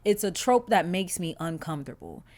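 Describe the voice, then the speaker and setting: A young woman hosting a podcast, talking in a casual, animated, profane monologue full of filler words. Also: on the low side, moderate pace. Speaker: podcast host.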